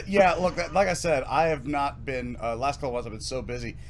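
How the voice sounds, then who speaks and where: A man from the American South making teasing, deadpan jokes in casual podcast talk. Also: medium pitch, brisk, a little hiss or hum.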